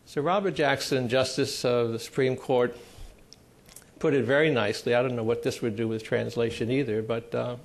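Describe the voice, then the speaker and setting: Gravelly-voiced man giving a panel talk. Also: mid-range voice, steady tone. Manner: measured, explanatory, with frequent pauses. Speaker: panel speaker on constitutional law.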